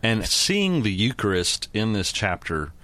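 A man in his forties co-hosting a casual Bible discussion, explaining his points in a measured way. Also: on the low side, sing-song, sharp tone, no room sound. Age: 40s. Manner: measured, explanatory, agrees often. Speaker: co-host.

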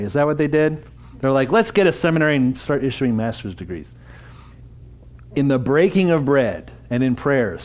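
A man's voice: a little high, a little mellow. A man giving an interactive church talk at a conference, speaking casually and putting questions to the audience. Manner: conversational, asks the audience questions.

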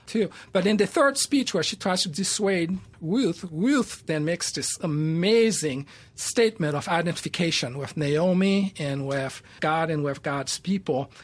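A man's voice: on the high side, unhurried. A man who talks through a Bible passage in a thoughtful way, with many fillers. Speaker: Bible teacher guest. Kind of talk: conversational Bible study.

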